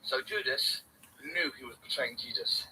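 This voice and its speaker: A man vlogging in a rambling, excitable, sing-song way, repeating his phrases over and over. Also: mid-range voice, moderate pace, noisy background. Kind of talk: rambling self-filmed vlog.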